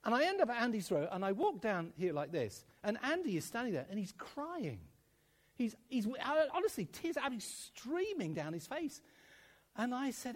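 A man's voice: very high voice, huge pitch swings, moderate pace. A man preaching a sermon, telling stories with acted-out dialogue and laughing often as he speaks. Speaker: pastor.

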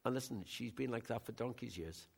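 An older man preaching a sermon in a conversational way, bantering with the congregation, with big swings in loudness. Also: medium pitch, brisk, gravelly, breathy edge. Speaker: pastor.

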